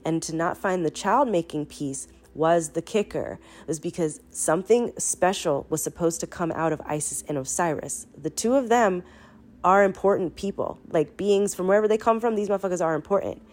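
A woman's voice: fairly low pitch, moderate pace. A sick young woman casually retelling a spiritual story, rambling and profane, talking straight to her listeners. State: sick, foggy-headed.

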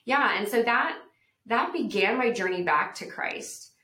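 A woman's voice: fairly high pitch, expressive, measured pace, sharp tone. A woman podcast guest telling her personal testimony in an earnest, reflective way, acting out the voices she quotes. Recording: roomy echo.

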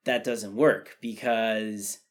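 A man's voice: on the low side, fairly even intonation, takes it slowly. A man co-hosting a podcast, explaining his views at length in casual chat, thoughtful with frequent restarts. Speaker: podcast co-host.

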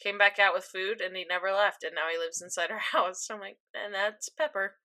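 A young woman co-hosting a casual podcast, chatting in a giggly way with quick asides while recapping an episode. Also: medium pitch, fairly even intonation, bright, forceful tone. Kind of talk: casual chat.

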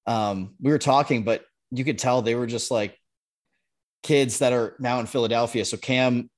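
A man's voice: mid-range voice, moderate pace. Laid-back man telling a story. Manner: laid-back, loose with fillers like "um" and "like". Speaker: podcast regular. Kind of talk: casual storytelling on a podcast.

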